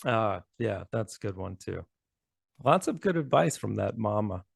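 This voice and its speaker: A man's voice: on the low side, lively intonation, normal speed, creaky, breathy edge, no room sound. A man co-hosting a casual chat, talkative, laughing often and restarting his sentences. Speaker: co-host.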